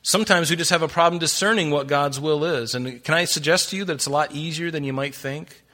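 Man, pastor, bright forceful tone, conversational preaching, rhetorical questions, soft low asides. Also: quick pace. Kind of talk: sermon, verse-by-verse Bible teaching.

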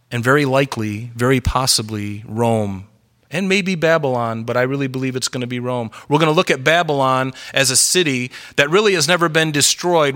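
A man's voice: a little high, sharp tone. A middle-aged man preaching a sermon as pastor, emphatic and full of rhetorical questions.

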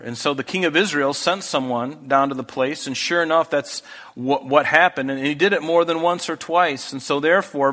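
A male pastor teaching through scripture in a relaxed, chatty way, now and then slipping into quick voices for the people in the story. His voice sits a little higher than most men's, and it carries a long hall reverb from the church room. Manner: conversational, acts out biblical characters in casual voices. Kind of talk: expository Bible teaching.

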